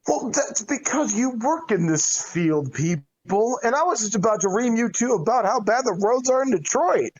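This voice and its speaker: A man's voice: very high voice, lively intonation, normal speed, hardly any pauses, low-quality recording. A man joining a casual podcast from his phone, talking bluntly and swearing freely. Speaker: podcast co-host. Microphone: phone microphone on a call.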